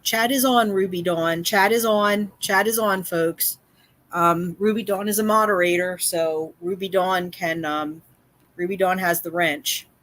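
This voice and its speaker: A woman's voice: on the low side, steady tone, a little slow, fairly bright tone, dry recording. A woman hosting a livestream who tells her chat about a neighbor with emphatic repetition, many fillers and restarts, sounding upset and shaken. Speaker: livestream host and community cat caretaker.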